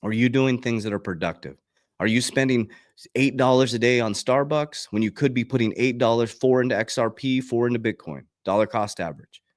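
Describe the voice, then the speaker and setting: A man's voice: medium pitch, brisk, no room sound, clean studio sound. A man hosting his own channel, giving a passionate, preachy motivational talk to his webcam that swears freely and acts out the people he quotes. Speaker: crypto coach and channel host. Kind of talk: fired-up motivational talk to camera.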